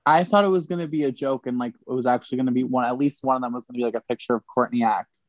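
A man's voice: mid-range voice, fairly even intonation, rapid-fire, a little mellow, highs cut off. A man co-hosting a podcast, making dry jokes in a casual chat.

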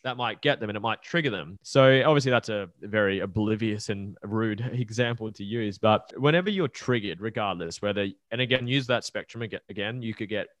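A man's voice: lowish voice, a little fast, hardly any pauses, dry recording. Blunt swearing man on a podcast. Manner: blunt, swears casually, loose rambling explanations. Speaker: podcast guest. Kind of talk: casual podcast talk.

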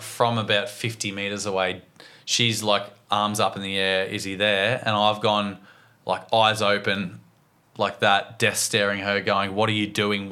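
An Australian man co-hosting a podcast, telling a story in an animated, tumbling way. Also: on the low side. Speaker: podcast co-host. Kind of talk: casual chat, storytelling.

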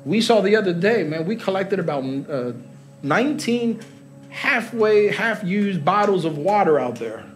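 A man's voice: high voice, lively intonation, a little slow, faint music behind. A middle-aged man preaching live as pastor in a large church hall, joking with the congregation and laughing. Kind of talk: sermon.

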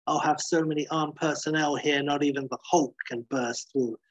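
A furious army major , as a man puts him on, barks his orders in a husky, dry voice, pushed higher than a normal speaking voice. He sounds like a commander who has run out of patience. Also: fairly even intonation, normal speed, dry recording. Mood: commanding. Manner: barking orders, shouting.

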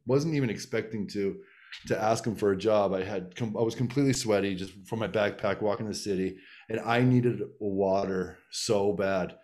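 Lower-voiced man telling a rambling story. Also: darkish tone. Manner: rambling, frequent restarts and filler. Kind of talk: casual storytelling chat.

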